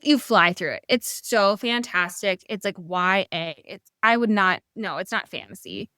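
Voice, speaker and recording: Play her as an eager woman co-host raving about books, bright and forward in tone, with a dry close mic. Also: mid-range voice, animated, no room sound. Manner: enthusiastic, quick bursts, casual swearing. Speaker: podcast co-host. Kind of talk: casual chat about books.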